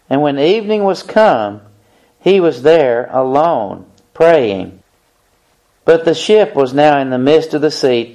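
Male preacher, slightly high voice, unhurried, reads scripture aloud between comments. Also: a little mellow. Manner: deliberate, reads aloud from the Bible. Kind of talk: sermon with scripture reading.

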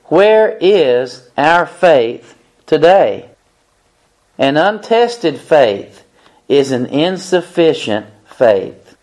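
Slow, deliberate male preacher. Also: fairly high pitch, very animated, darkish tone. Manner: deliberate, reads aloud from the Bible. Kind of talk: sermon with scripture reading.

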